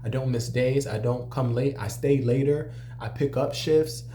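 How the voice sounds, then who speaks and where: Young man, cook, vlog storytelling. Mellow, relaxed tone, chatty with constant fillers, faint hum behind. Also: medium pitch, normal speed. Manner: conversational, many "you know" fillers, animated when quoting others. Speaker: restaurant cook. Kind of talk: casual storytelling to camera.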